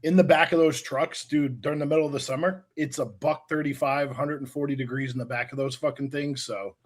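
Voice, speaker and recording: A man's voice: medium pitch, fairly even intonation, a little fast. A man on a casual podcast, talking emphatically about hard work and swearing for stress. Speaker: podcast co-host.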